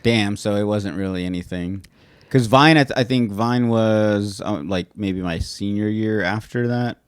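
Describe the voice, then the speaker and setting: A man's voice: on the low side, a little slow, clean tone, no room sound, studio quality. A man co-hosting a podcast, chatting casually and asking follow-up questions. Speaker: podcast co-host. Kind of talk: casual chat.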